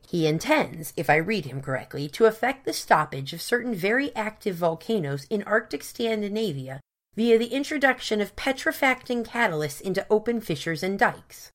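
A woman reading as an earnest gentleman scientist. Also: medium pitch, animated, normal speed, pitched above the performer's own voice, lightly acted. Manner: precise, explanatory, long formal sentences.

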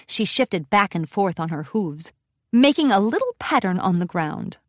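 Lively woman reading a storybook aloud. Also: medium pitch, normal speed, dry recording, studio quality. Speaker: storybook narrator. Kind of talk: scripted storybook narration.

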